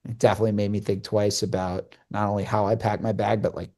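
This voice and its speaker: A man's voice: on the low side, level tone, quick pace, mellow. A young man co-hosting a podcast and telling a casual story, rambling with many fillers and restarts and acting out the dialogue. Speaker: podcast co-host and hockey broadcaster.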